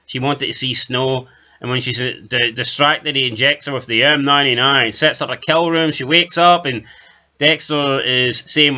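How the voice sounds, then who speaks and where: A man's voice: medium pitch, normal speed, bright, forceful tone. A man co-hosting a TV review podcast, recapping an episode in casual chat with jokes and asides. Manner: chatty, joking, summarizes plot with asides.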